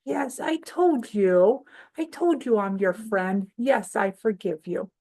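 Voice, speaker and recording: Woman voices a gentle, forgiving friend for a kids' story; soft reassurance, easy pace. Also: mid-range voice, expressive, takes it slowly. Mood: reassuring.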